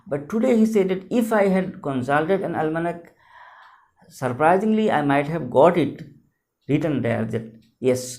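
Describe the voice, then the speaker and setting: A man's voice: fairly high pitch, darkish tone. A man, teaching a story line by line as a teacher, repeating and rephrasing words with many fillers. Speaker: English teacher. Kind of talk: classroom lecture explaining a story.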